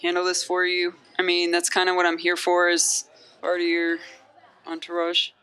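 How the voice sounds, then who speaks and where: A man role-playing his character at a tabletop game, steady and supportive. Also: sits high, moderate pace, clean tone. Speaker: player.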